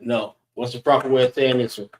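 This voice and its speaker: A man, teaching a class letter by letter in a slow, patient way, repeating each sound and saying "all right" between letters. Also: medium pitch, steady tone, reverberant.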